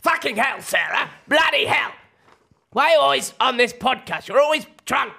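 A man putting on an exasperated middle-aged father who swears and shouts. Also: extremely high pitch, animated, moderate pace, vocal fry, breathy edge, voice pushed up, exaggerated voice. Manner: shouting, cursing.

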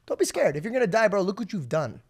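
A young man with a notably high voice, speaking very fast. He co-hosts a podcast and gives earnest, heartfelt advice in a casual chat. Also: sing-song, a little mellow, breathy edge. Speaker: podcast co-host.

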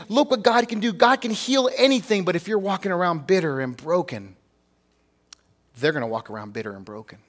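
Pastor, male, high-pitched, earnest, conversational sermon with rhetorical questions. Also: fairly bright tone.

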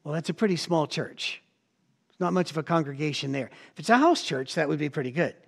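A middle-aged man delivers a sermon in a voice set a little high for a man. He preaches in an animated, storytelling way. He slips into the voices of the people he quotes. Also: brisk, creaky, slightly rough. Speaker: pastor.

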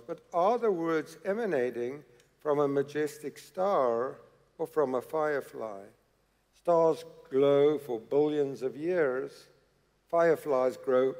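A man's voice: mid-range voice, darkish tone. A man preaching a sermon in a church, emphatic and dramatic, repeating phrases for effect. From South Africa. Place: large church hall. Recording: reverberant church hall.

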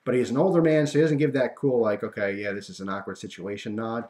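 A young man casually telling a personal story to his viewers, animated and full of fillers and restarts. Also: medium pitch, quick pace.

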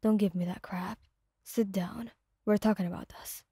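A woman reading the part of a gruff, blunt young man in a fanfic audio story. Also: medium pitch, fairly even intonation, normal speed, dark tone, dry recording, clean studio sound. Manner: blunt, curt orders.

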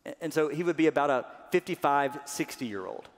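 A man preaching a sermon as pastor, animated, often acting out quoted voices louder and higher. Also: fairly quick. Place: church sanctuary. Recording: church sanctuary with long reverb.

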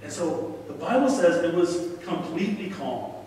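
A middle-aged man preaching a sermon as a guest speaker, talking to the congregation in a conversational way and telling stories with lively asides. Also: a little high, normal speed, a little hiss or hum. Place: church sanctuary. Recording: distant, echoey church hall recording.

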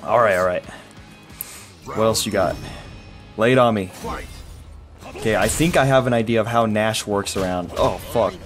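A man giving excitable gameplay commentary while he plays a fighting game. He swears a lot, shouts, and groans as the match goes on. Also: fairly low pitch, moderate pace, pauses often, faint music behind. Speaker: gamer playing a fighting game.

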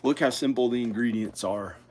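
A man rambling in a casual vlog in his home kitchen, halting and repeating himself. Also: medium pitch, darkish tone, slight background noise. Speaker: vlogger.

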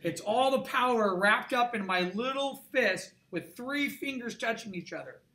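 A man's voice: very high-pitched, lively intonation, moderate pace, sharp tone. A middle-aged man, an art instructor, giving a classroom lecture in an emphatic, conversational way and checking in with his students often.

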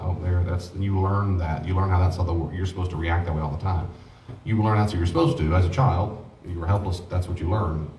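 A man's voice: deep voice, mellow. A man teaching a church grief class in a folksy, joking way, acting out short quoted exchanges. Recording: roomy hall, voice from a distance.

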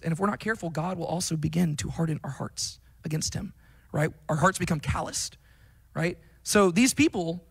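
A man with a high voice gives a Bible teaching talk. He speaks earnestly and with emphasis, reading scripture aloud and often checking in with his listeners with a quick "right?". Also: fairly bright tone, slightly rough, poor audio. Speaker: Christian teacher.

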